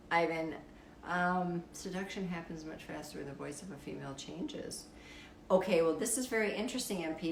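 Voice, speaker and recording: Wry and playful, a deep-voiced, raspy woman reads fun facts and viewer comments on her relaxed live stream, cursing freely. The recording is rough and roomy, with slight background noise.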